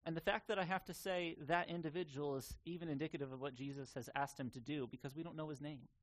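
Earnest, slightly high-voiced male preacher. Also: fairly even intonation, fast talker. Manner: earnest, conversational preaching with occasional fillers. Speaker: pastor. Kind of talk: sermon.

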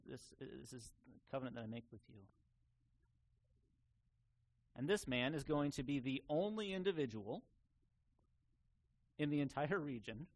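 A male pastor delivering a sermon with a voice that sits a little higher than most men's. He talks earnestly and conversationally, reasoning aloud with his listeners and sometimes stopping on a filler before pressing on.

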